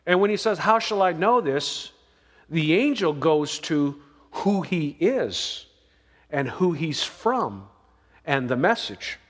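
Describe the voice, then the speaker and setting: A man's voice: fairly high pitch, big pitch swings, slow, in a large hall. A man preaching a sermon as pastor, folksy and emphatic, drawing out the verses he reads.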